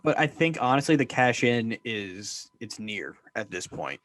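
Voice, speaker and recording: A man co-hosts a casual wrestling podcast in a mid-pitched voice. He drops wry, skeptical asides, and his mic sounds dry and close. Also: sing-song, measured pace, fairly bright tone, no echo. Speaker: podcast co-host.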